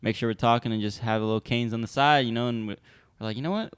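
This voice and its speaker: A man's voice: medium pitch, fairly even intonation, quick pace, clean tone. A young man co-hosting a casual podcast with friends, telling a story in a loose, rambling way full of slang and restarts. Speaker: podcast co-host. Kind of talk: casual chat among friends.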